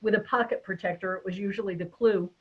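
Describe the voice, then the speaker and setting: An expressive, chatty woman hosting a webinar over a video call. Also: medium pitch, fast talker, husky, phone-quality sound. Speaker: webinar host. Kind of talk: casual webinar chat.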